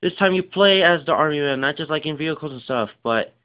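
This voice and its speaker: Over dull, lo-fi audio, a game collection vlogger gives an offhand show-and-tell, seemingly pointing things out as he goes. Though he sounds tired, his smooth, resonant voice is fairly high and lively in intonation. He rambles and rushes, scattering fillers and asides throughout.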